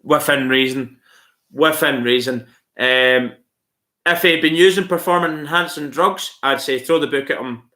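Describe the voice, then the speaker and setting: A married man chats casually on a live stream, reading out viewer comments and giving blunt opinions. He swears freely and calls his viewers "mate," and his voice comes across bright and forceful. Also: mid-range voice, measured pace. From outside Australia. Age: adult, married. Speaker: channel host answering viewer comments.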